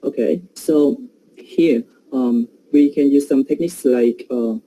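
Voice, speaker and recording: A man's voice: mid-range voice, measured pace, dark tone, a little hiss or hum, rough recording. A man giving an academic presentation on pronunciation, hesitant and full of fillers.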